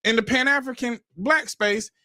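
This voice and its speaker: Man, high voice, dry sound, emphatic, pointed commentary. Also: moderate pace, pushed and bright, dry recording.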